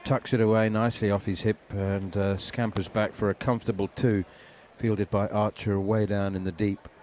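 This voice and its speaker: A man giving ball-by-ball radio cricket commentary, chatty and quick to laugh, with plenty of ums and uhs. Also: fairly low pitch, little pitch movement, darkish tone, a little hiss or hum.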